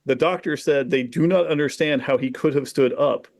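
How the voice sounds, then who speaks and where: A man co-hosting a casual podcast chat, telling stories with animated energy, swearing freely and laughing as he goes. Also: medium pitch, normal speed. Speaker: podcast co-host.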